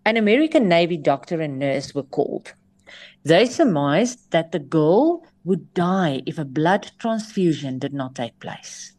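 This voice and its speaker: A woman's voice: low-pitched, sing-song, a little slow, darkish tone. A woman, telling a story in a sermon and at times dropping her voice to a near whisper. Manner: switches between English and Afrikaans phrases. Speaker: preacher.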